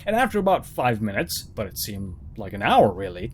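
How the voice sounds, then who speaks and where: A man's voice: on the low side, huge pitch swings, moderate pace, husky. A man reading a first-person horror story aloud, dramatic and sarcastic in his delivery. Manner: dramatic, sarcastic, swooping intonation.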